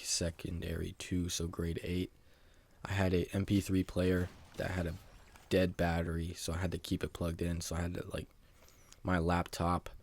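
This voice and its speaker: A man's voice: low voice, darkish tone, no room sound. A young man telling an embarrassing story from his school days in a rambling, self-mocking casual monologue, full of "like" and "bro".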